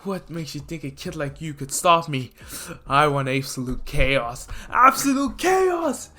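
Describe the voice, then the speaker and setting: A man voicing a sinister male villain who taunts slowly and scornfully in a fan-made storytelling video. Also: fairly high pitch, steady tone, bright, forceful tone. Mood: menacing. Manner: mocking, drawn-out laughing taunts.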